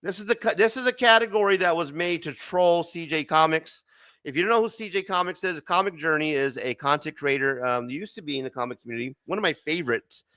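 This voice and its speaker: A man's voice: fairly high pitch, quick pace, bright, forceful tone, dry recording. A man from Arizona hosting a casual late-night comics show, joking and laughing often. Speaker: host.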